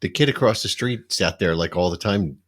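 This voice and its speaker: A man co-hosting a casual chat, tossing in quick wisecracking remarks. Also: low-pitched.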